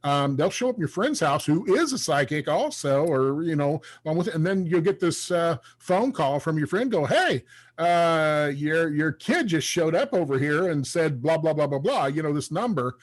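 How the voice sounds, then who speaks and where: A man's voice: fairly high pitch, animated, normal speed. A man hosting a podcast, telling rambling stories full of fillers in a casual chat. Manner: rambling storyteller, many fillers. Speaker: podcast host.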